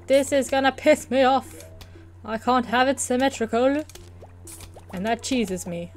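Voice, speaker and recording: A woman's voice: high-pitched, a little slow, pauses often, faint music behind. A young woman streaming a video game, chatting casually and playfully with lots of giggles and rambling asides. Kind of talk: casual gaming stream chat.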